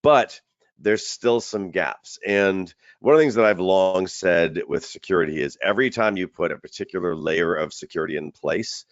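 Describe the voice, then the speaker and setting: A man's voice: sits low, moderate pace, no echo. A man hosting a training webinar, chatty and rambling, often restarting his sentences. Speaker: webinar host. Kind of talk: casual webinar presenting. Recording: dull lo-fi web call audio.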